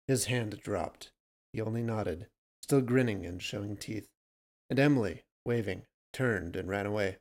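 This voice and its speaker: A man reading a short story aloud in a steady, measured way. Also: lowish voice. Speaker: narrator.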